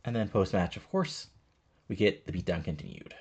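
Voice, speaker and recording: A man casually narrating a wrestling management game and reading the wrestlers' promos aloud in a flat murmur. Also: sits low, moderate pace, husky, muffled recording. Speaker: game commentator.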